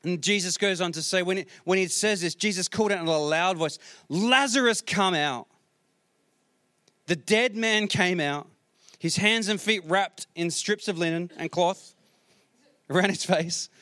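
Male pastor, slightly high voice, earnest repetitive preaching, dry close sound. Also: fairly even intonation, moderate pace, no room sound. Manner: earnest, repeats words, shifts between soft reading and rising exhortation. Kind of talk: sermon. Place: church hall with congregation.

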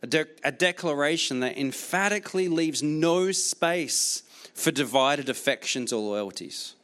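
A man's voice: on the high side, lively intonation, unhurried, fairly bright tone. A man preaching a sermon as pastor, repeating key phrases emphatically, with frequent restarts.

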